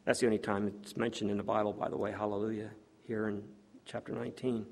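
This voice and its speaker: A man preaching a sermon, earnest and building to excited exclamations, with frequent fillers and restarts. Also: lowish voice, quick pace, vocal fry.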